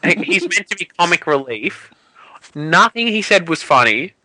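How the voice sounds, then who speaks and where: A man's voice: high-pitched, big pitch swings, sharp tone, poor audio. A man, co-hosting a podcast and ranting sarcastically in a casual film review. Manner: ranting, sarcastic, quick asides. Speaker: podcast co-host.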